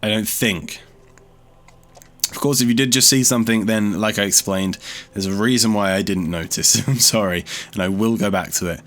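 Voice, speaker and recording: A man's voice: fairly low pitch, normal speed, a bit bright. Chatty man narrating his gameplay. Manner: chatty, thinks aloud, easily startled. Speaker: let's play host. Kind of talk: casual gameplay commentary.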